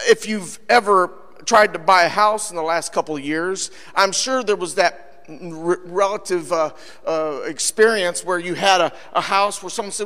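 A man pastor preaching a lively sermon to his congregation, joking with them as he goes. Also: sits high, moderate pace. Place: church sanctuary. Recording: church hall reverb with faint music.

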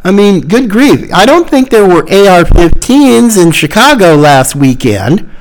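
Guy ranting sarcastically on his podcast, talks slow, voice all over the place. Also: sits high, very animated, a little hiss or hum, low-quality recording. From Florida. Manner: sarcastic, mocking, exasperated. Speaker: podcast host. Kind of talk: opinionated political commentary.

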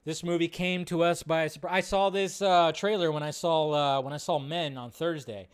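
A young man hosting a casual live show, talking excitably and swearing freely as he riffs. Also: fairly high pitch, moderate pace, clean tone. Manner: excitable, profane, riffing with put-on bits. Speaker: host.

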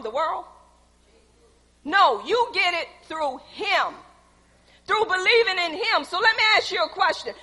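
A woman preaching a sermon, calling out to her congregation and building to loud, fervent exhortation. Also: extremely high pitch, animated, a little slow. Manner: calls out to the congregation. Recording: long hall reverb.

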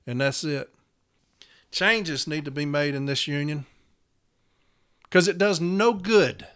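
Man, angry ranting monologue, cursing, fairly high pitch. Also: fairly bright tone. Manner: profane, ranting, repetitive. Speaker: podcast host.

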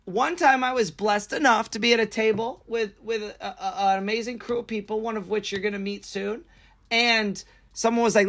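A man's voice: high-pitched, normal speed, fairly bright tone. A man co-hosting a casual podcast, ranting emphatically about his pet peeves. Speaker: podcast co-host.

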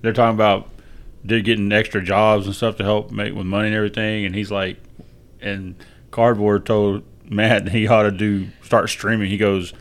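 A man's voice: on the low side, little pitch movement, moderate pace. A middle-aged Texan man with a Southern accent, co-hosting a casual family podcast chat and telling laid-back anecdotes. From Texas. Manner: laid-back storyteller, chuckles through anecdotes. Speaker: podcast co-host.

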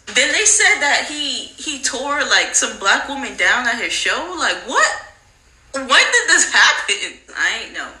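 A woman's voice: high-pitched, very animated, measured pace, pushed and bright. A woman chatting casually, blunt and incredulous, laughing through gossip. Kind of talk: casual chat commentary. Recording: roomy echo.

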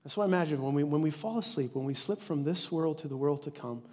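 A man in his forties preaches a sermon with an earnest, conversational delivery, slipping into a near-hush at tender moments. His voice sits a little high and has a husky edge. The sound carries the long reverb of a large hall. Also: quick pace. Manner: earnest, conversational, with many "like" fillers, dropping to a hush at tender points. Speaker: pastor.

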